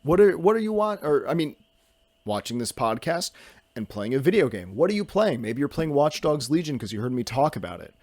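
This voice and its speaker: A man's voice: mid-range voice, big pitch swings, fairly quick, darkish tone, dry recording. A young man hosting a solo podcast, rambling in a goofy, self-mocking way and jumping from topic to topic. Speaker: podcast host.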